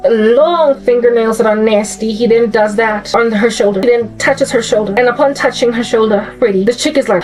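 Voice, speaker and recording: A woman's voice: fairly high pitch, moderate pace, hardly any pauses. A woman giving impassioned religious commentary, fervent and emphatic, often repeating her phrases. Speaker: Christian vlogger. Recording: distant mic with faint music.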